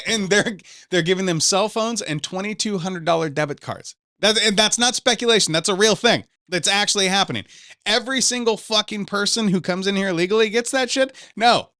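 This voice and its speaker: A man's voice: high-pitched, brisk, no echo, studio quality. A man hosting a podcast, swearing freely as he tells stories in casual banter. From Pacific Northwest. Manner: profane, animated storytelling. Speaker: podcast host.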